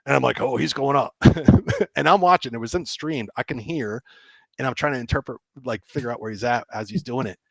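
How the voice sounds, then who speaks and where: A man, a game developer guest on a podcast, telling an animated story and acting out the dialogue with lots of restarts. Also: mid-range voice, fairly quick, vocal fry, dry recording. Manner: excitable, acts out quoted dialogue, many restarts.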